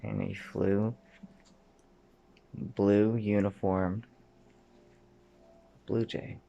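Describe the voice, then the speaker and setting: A man's voice: fairly low pitch, flat delivery, extremely slow, gravelly, mellow, muffled recording. A man in his thirties from Canada, telling his own memories in a rambling monologue that drifts from one thing to the next, swearing often and sometimes dropping to a mutter. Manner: sometimes drops to a mutter or whisper.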